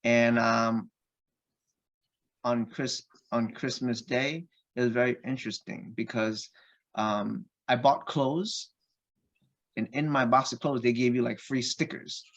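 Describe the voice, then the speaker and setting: A man telling a personal family story on a podcast in a lively, anecdotal way, with frequent restarts. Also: mid-range voice, takes it slowly. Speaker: podcast guest. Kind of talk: casual storytelling.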